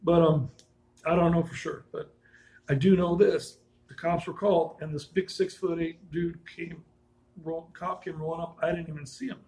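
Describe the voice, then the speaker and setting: A man with a gravelly, fairly high voice tells his own stories in a loose, casual way. He wanders, restarts sentences and corrects himself, chuckling now and then as he talks. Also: steady tone, moderate pace, darkish tone, rough recording. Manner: rambling, with frequent restarts and self-corrections; chuckles while telling stories. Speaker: vlogger telling personal stories. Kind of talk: casual personal storytelling.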